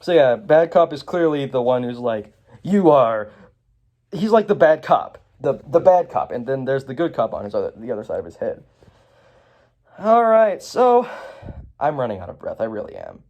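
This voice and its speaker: A man talks through a movie in a loose, rambling review, full of fillers and restarts. His pitch swings about a lot as he recaps scenes. He chuckles at the jokes as he goes. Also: very animated, moderate pace, a little mellow, dull audio. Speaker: film reviewer.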